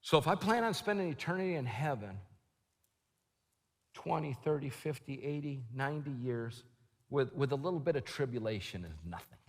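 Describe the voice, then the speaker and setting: Animated man preaching in a reverberant hall. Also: mid-range voice, moderate pace. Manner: animated, shouting at the peaks, laughing, quoting himself. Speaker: conference speaker. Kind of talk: storytelling sermon. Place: large conference hall.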